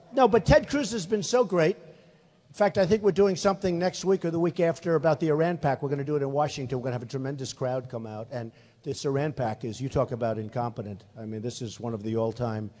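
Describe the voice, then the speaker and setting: A man's voice: high-pitched, darkish tone. A man in his sixties giving a rambling, repetitive, emphatic rally speech in a large venue. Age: 60s. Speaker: political candidate. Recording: reverberant hall.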